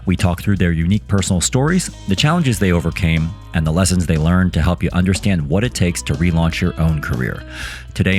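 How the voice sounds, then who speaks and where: A man hosting a career podcast, his voice sitting very low and his delivery polished and upbeat. Soft music plays faintly underneath. He moves from a scripted intro into easy interview questions. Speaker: podcast host.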